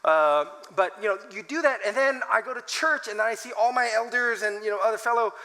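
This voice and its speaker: Brief: man in his forties, animated conference speaker, high bright voice, long hall reverb. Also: brisk. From United States. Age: 40s. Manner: animated, self-mocking storytelling with laughs. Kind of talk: talk with scripture reading.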